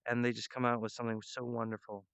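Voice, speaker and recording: A man rambling earnestly and emotionally to his viewers, halting often with restarts and fillers. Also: medium pitch, monotone, vocal fry, fairly bright tone, clear, resonant tone, dry recording, lo-fi sound. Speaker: artist addressing viewers. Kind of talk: rambling direct-to-camera monologue.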